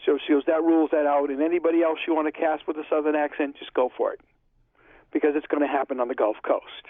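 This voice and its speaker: A man's voice: on the high side, little pitch movement, quick pace, dry recording. A man being interviewed, telling stories in a chatty way and acting out past conversations line by line. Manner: chatty, retells conversations in dialogue. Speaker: interview guest, filmmaker. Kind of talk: casual storytelling interview. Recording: dry, phone-like line.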